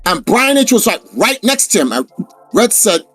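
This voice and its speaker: A man telling a story in a casual podcast chat, animated and swearing, acting out the voices of the people in it. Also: sits high, moderate pace, slightly rough, no echo, soft background music.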